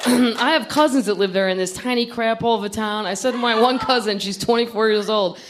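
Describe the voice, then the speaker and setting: A woman's voice: on the high side, background noise. A woman comedian from the Midwest telling wry, sardonic stories in a stand-up set and a chat. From Missouri, US Midwest. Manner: sardonic, wry, quick storytelling with put-on accents. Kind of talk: stand-up routine and casual interview chat.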